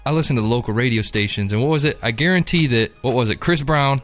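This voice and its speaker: A man's voice: mid-range voice, fast talker, faint music behind. A man co-hosting a casual, profane podcast chat, ranting and telling stories while cursing freely. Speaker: co-host.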